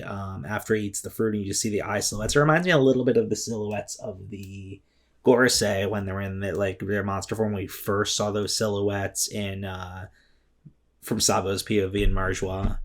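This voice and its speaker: Low-voiced man rambling emotionally. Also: steady tone, normal speed. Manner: rambling and emotional, many fillers and restarts, swears. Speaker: vlogger reviewing a comic chapter. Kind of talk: casual spoken commentary.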